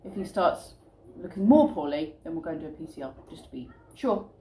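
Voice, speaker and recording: A woman's voice: low voice, lively intonation, brisk, warm tone, roomy sound, a little hiss or hum. A middle-aged British woman chatting casually to camera at home, rambling with little asides about her family's day. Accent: British English. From United Kingdom. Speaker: family vlogger.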